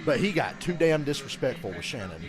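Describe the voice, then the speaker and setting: A man's voice: mid-range voice, a little fast, over music. A man hosting a live game reaction stream, chatting casually and profanely about football, acting out quotes and laughing often. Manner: animated storyteller, acts out quotes and laughs a lot. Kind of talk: casual profane sports chat.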